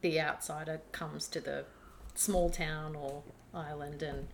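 A woman's voice: sits low, steady tone, slow pace, vocal fry, slight background noise. A woman co-hosting a casual podcast chat, rambling and restarting as she tells stories. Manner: rambling, restarts often, plain storytelling. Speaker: podcast co-host.

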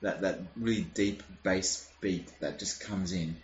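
A young Australian man in casual chat, animated and rambling, swearing freely. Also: sits low, unhurried. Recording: roomy, dull lo-fi sound with faint noise.

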